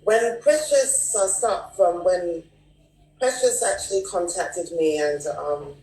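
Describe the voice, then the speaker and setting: A woman's voice: fairly low pitch, takes it slowly, warm tone, recorded from a distance. A woman speaking as a guest on a video call from home, reflective and full of fillers. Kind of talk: personal testimony on a video call. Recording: echoey room.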